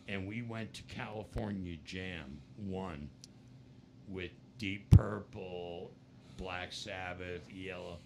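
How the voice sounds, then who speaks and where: An American man, a rock musician, telling stories in a casual interview, animated and breaking into laughter and voices. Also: slow pace, gravelly, heavy background noise. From United States. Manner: animated, jumps into high-pitched voices and laughs. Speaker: musician guest.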